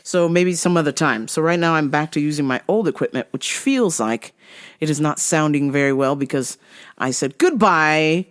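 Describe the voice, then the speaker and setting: A woman's voice: low voice, moderate pace. A woman hosting her own online radio show in a casual, joking monologue, laughing often and swearing freely. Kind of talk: casual solo podcast monologue.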